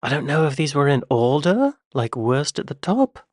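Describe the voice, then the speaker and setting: A man's voice: a little high, sing-song, normal speed, no room sound, clean studio sound. Joking American man reacting on camera. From United States. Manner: joking, talks straight to the camera. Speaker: reaction video host. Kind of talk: casual reaction commentary.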